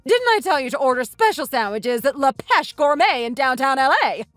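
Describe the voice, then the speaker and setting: A woman voicing a shrill, sneering snob. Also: expressive, brisk, a bit bright, no room sound, faint music behind. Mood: scornful. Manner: haughty, sneering, shrill outbursts. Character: snobbish young woman, spiteful and condescending. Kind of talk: voiced texting story.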